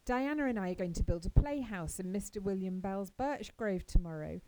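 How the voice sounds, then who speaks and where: A woman reading aloud as a chatty, dreamy orphan girl who gushes with wide-eyed excitement. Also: medium pitch, normal speed, slight background noise, lightly acted, poor audio. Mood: gushing. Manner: breathless, gushing and wide-eyed. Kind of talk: audiobook character reading.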